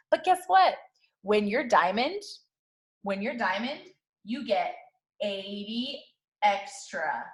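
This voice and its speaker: A woman's voice: animated, measured pace. Casting: woman, 30s, network-marketing team leader, punchy hype talk, slangy, keeps checking in with her listeners. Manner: high-energy, repetitive, slangy, keeps asking "okay?". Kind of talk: motivational talk to camera.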